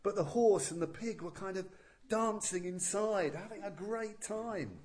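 A man's voice: high voice, measured pace, darkish tone. A man, a Buddhist teacher telling a legend with playful, chuckling asides to his listeners. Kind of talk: storytelling talk.

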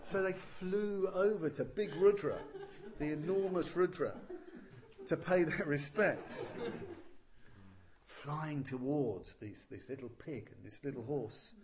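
A man's voice: a little high, expressive, takes it slowly, background noise. A man, a Buddhist teacher telling a legend with playful, chuckling asides to his listeners. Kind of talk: storytelling talk.

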